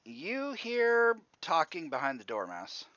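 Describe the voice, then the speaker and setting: A man's voice: fairly high pitch, wildly swooping pitch, slow, bright, forceful tone, dry recording, muffled recording. A man running a tabletop game as game master, who rambles, thinks aloud and laughs often.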